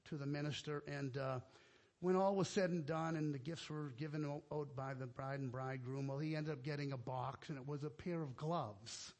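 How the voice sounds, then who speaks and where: Male pastor, higher register, emphatic sermon delivery. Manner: emphatic preaching, quoting scripture, rising for stress.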